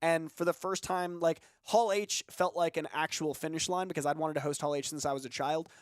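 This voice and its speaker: A chatty man co-hosting a livestream, telling stories at length with a self-deprecating edge. His voice sits fairly high for a man and the sound is close and dry, with no room around it. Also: fairly even intonation, a little fast, no room sound. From Boston. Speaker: co-host. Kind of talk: casual livestream chat.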